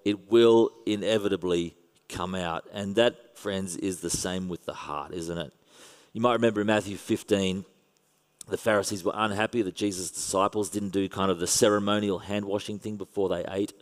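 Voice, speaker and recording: A man's voice: sits low, steady tone, moderate pace. Australian man preaching in a hall. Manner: conversational preaching with wry humour. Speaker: pastor. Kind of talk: sermon.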